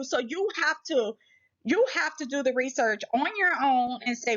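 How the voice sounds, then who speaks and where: An American woman with a high, expressive, slightly bright voice hosts a casual spiritual warning vlog at normal speed. She speaks emphatically and preachily, repeating rhetorical questions often. The audio is lo-fi and slightly muffled.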